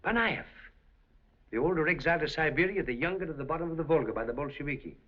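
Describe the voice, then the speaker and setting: A suave scheming casino boss. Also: male voice, a little high, animated, fast. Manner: urbane, dryly amused, coolly threatening. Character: suave scheming male casino operator, older, smooth and commanding. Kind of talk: 1930s film acting. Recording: dull old film soundtrack.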